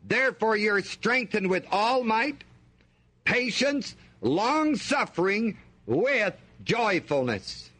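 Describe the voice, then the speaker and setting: Animated high-voiced male preacher. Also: slow. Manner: emphatic, call-and-response questions to the congregation. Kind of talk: sermon.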